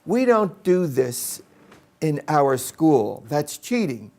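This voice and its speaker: A man acting out a strict, feared woman schoolteacher who scolds a young pupil in sharp, raised shouts. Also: on the high side, fast talker, close to an everyday voice. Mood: scolding.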